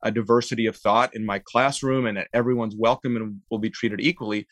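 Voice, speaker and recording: A man speaking as a guest in a casual interview, measured and wry, with many ums and uhs. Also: lowish voice, steady tone, a bit bright, dry recording. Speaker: interview guest, law school lecturer.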